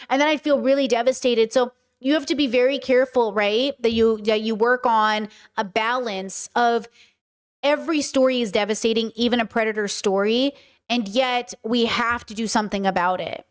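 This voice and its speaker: A woman's voice: on the high side, normal speed, smooth. A young adult woman hosting a podcast, talking in a passionate, emphatic casual monologue that often repeats its points. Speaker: podcast host.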